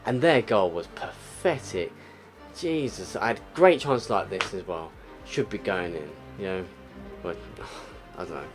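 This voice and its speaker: Over background music, a young gaming YouTuber commentates his football video game live at a measured pace in a low voice with lively intonation. He is frustrated and exclamatory, moving from mutters to outbursts.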